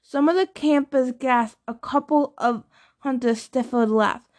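A woman reading a fantasy novel aloud, narrating in first person and voicing the characters' shouted lines. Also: measured pace. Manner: acts out dialogue with louder, higher shouts. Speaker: audiobook reader.

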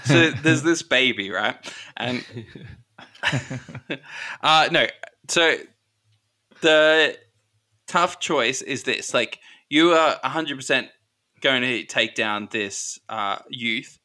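A man narrating a tabletop game as game master, describing scenes in a measured way. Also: medium pitch, pushed and bright.

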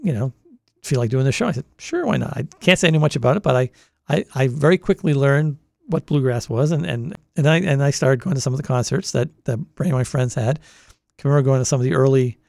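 A man's voice: mid-range voice, fast talker, gravelly, darkish tone, dry recording, studio quality. A man in his sixties with a Boston accent, recalling his years at a college radio station in a rambling oral history interview. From Boston area. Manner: rambling storyteller, many restarts. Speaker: longtime college radio volunteer.

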